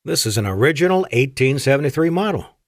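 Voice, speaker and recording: A man's voice: mid-range voice, animated, fast talker, dry recording, clean studio sound. A man voicing a curious, respectful army colonel who asks plain questions.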